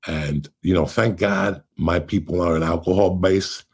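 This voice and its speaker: A middle-aged man hosting a podcast, telling stories in a profane, animated way and acting out what people said. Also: low-pitched, normal speed, breathy edge. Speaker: podcast host. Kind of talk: casual storytelling chat.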